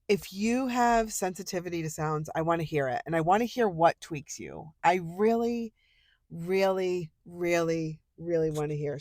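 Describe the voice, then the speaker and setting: A woman's voice: lowish voice, darkish tone, no echo, studio quality. A woman co-hosting a podcast in casual chat, joking and teasing with frequent laughter. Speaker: podcast co-host. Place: podcast studio.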